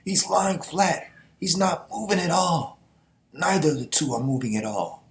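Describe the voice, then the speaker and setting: A man's voice: on the high side, lively intonation, moderate pace. A man hosting a casual manga reaction, talking in a loose, slangy way with laughing asides.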